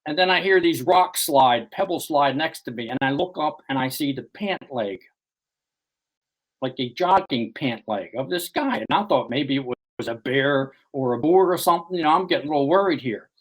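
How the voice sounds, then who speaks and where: A man's voice: medium pitch, expressive, moderate pace, rough recording. A man recounting a personal story as an author guest in an interview, rambling and full of "you know" and restarts.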